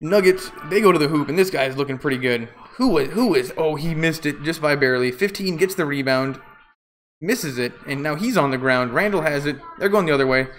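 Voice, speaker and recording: A man's voice: a little high, lively intonation, brisk, soft background music. Rambling, opinionated amateur sports commentator man. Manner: rambling, opinionated, jokey asides. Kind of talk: casual live play-by-play commentary.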